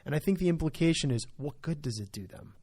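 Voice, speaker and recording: Male pastor, podcast co-host, higher register, emphatic and earnest, chatty tag questions. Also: expressive, quick pace, a little mellow, breathy edge. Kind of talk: podcast discussion.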